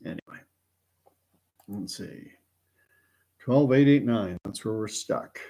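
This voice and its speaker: A man's voice: on the low side, expressive, slow, vocal fry, mellow. A man from Canada hosting a casual live stream, chatty and joking, thinking aloud as he follows a count. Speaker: host.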